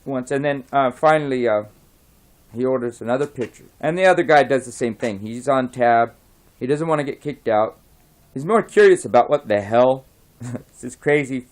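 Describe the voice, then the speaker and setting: A man casually telling a long pub joke, rambling with frequent restarts and often soft-spoken. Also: medium pitch. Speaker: joke teller.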